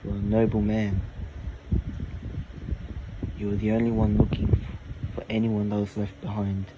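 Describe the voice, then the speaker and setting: A man voicing an ancient, lonely male dragon who speaks in slow, solemn phrases, calm but menacing. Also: fairly low pitch, dull audio, very noisy, lightly acted.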